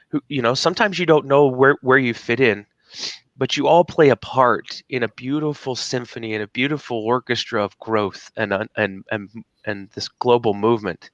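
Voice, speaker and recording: A man's voice: mid-range voice, fairly bright tone, no room sound, dull audio. A man co-hosting a motivational podcast, talking in a rambling, casual way with frequent laughs and repeated words. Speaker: podcast co-host.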